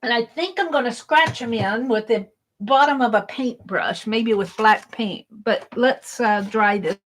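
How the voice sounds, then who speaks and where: A woman's voice: fairly high pitch, a little slow, a bit bright, poor audio. A middle-aged woman chatting cheerfully while she crafts at home, thinking aloud as she works. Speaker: craft vlogger. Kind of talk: casual crafting vlog chat.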